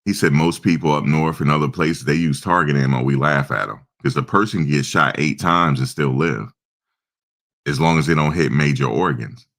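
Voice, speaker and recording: Very deep-voiced man telling a story. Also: moderate pace. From New Jersey. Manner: animated storyteller who acts out the people he quotes. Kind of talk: casual personal anecdote.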